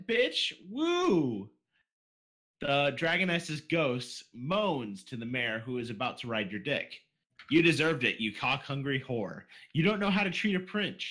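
A man's voice: medium pitch, bright, forceful tone. A man hosting a casual podcast, reading out listener questions and swearing freely. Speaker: podcast host.

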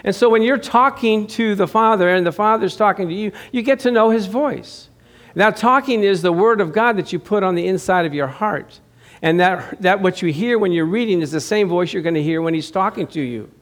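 A man's voice: high voice, a little fast. A middle-aged man, a pastor, preaching a sermon in a conversational way, asking rhetorical questions and often repeating and restarting his phrases.

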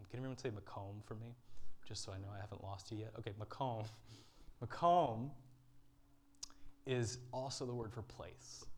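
A male pastor preaching a sermon in a church, earnest and dramatic, with long pauses. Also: lowish voice, darkish tone, a little hiss or hum.

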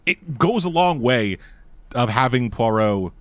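A man's voice: mid-range voice, unhurried, no room sound. A man co-hosting a casual movie review chat, talking bluntly and swearing freely. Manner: profane, blunt, animated. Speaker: podcast co-host.

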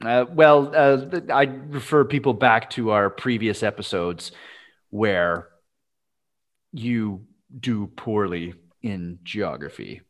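A man's voice: fairly low pitch, takes it slowly. A man hosting a casual podcast over a video call, rambling with fillers and restarts. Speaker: podcast host.

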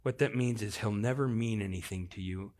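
A male pastor preaching a sermon, swinging from hushed to loud as he acts out the story. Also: lowish voice, brisk.

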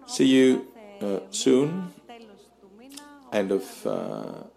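A man speaking in a live webcast panel discussion, halting and pausing often with fillers. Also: on the low side, huge pitch swings, gravelly, warm tone. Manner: halting, with many pauses and fillers.

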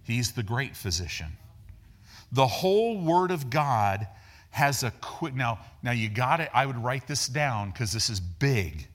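A man preaching a sermon in a folksy, animated way, acting out the people in his stories and repeating words as he builds each point. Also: a little slow, few pauses. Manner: animated, acts out dialogue with raised pitch. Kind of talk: sermon with storytelling.

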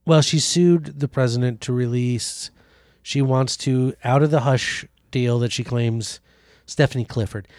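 A man co-hosting a comedy podcast, delivering outrageous news items in a flat, mock-serious newsreader way. His voice sits mid-range and sounds dry and close to the mic. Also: mid-range voice, unhurried, dry recording. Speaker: podcast co-host.

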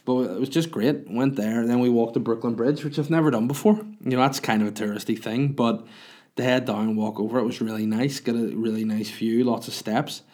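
A man's voice: medium pitch, a little fast, darkish tone. A man in his thirties, a podcast host, telling a rambling, crude, self-mocking story in casual monologue.

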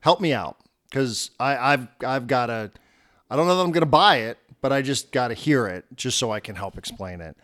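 A man's voice: medium pitch, normal speed. A man talks baseball in a casual sports chat, his voice rising and falling widely as he acts out what others said. He speaks as a radio host trading stories with colleagues. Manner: animated storyteller, acts out quotes.

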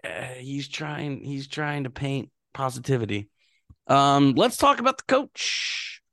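Male podcast co-host, animated pitch, dry close mic, casual stats talk. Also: slow pace, no room sound. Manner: conversational, stats-heavy, many fillers. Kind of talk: casual sports podcast chat.

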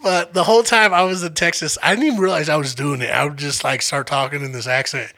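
A young man from Denver telling a profane, animated story in casual podcast chat and acting out the quotes. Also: on the high side, quick pace, vocal fry. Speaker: podcast co-host.

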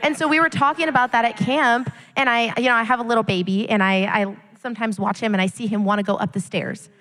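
A woman's voice: a little high, steady tone, quick pace, a bit bright. A woman youth leader sharing passionately and emphatically on a live church panel. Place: church sanctuary, live service. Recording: long church hall reverb.

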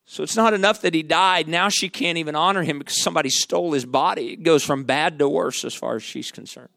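A man preaching a sermon, dramatic and full of rhetorical questions, dropping to a hush and then rising loud again. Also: a little high, quick pace, vocal fry, no room sound, clean studio sound.

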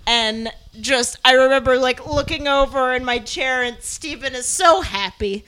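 Excitable bright-voiced woman. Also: high-pitched, moderate pace, clean tone. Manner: excitable, laughing, swears freely. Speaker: podcast co-host. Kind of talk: casual comedic chat. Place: venue with a live audience.

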